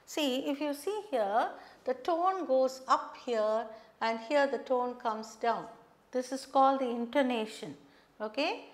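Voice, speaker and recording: A woman teaching a patient, slow lesson, explaining intonation. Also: high-pitched. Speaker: English teacher. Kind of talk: slow classroom lesson reading dialogue aloud.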